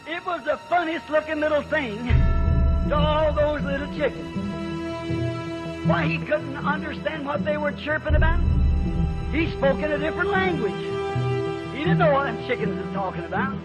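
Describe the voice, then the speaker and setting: A man's voice: very high-pitched, normal speed, pauses often, over loud music, poor audio. A man preaching a sermon, telling a parable in a folksy, plain-spoken way. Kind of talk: sermon storytelling.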